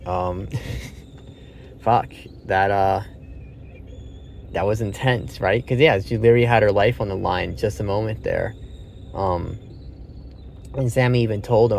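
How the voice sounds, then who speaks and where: A man talks through a film review in a loose, rambling way, swearing freely and stumbling over his thoughts. His voice sits low with a gravelly, creaky edge. A faint hiss of noise runs under the recording. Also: unhurried, pauses often, a little mellow. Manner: rambling, profane, with fillers and restarts. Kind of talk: casual spoken movie review.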